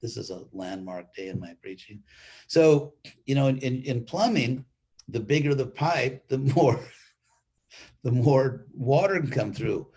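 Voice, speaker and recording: A man's voice: medium pitch, expressive, a little slow, mellow, breathy edge. An older man teaching a live spiritual class, talking informally with restarts and wry humor as he tells a story. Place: online class stream.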